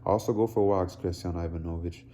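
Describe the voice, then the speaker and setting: A man's voice: low-pitched, fairly even intonation, warm tone, lightly acted. A man reading as a timid, fumbling clerk. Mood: anxious. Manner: halting, repeats himself. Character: timid fumbling middle-aged male clerk.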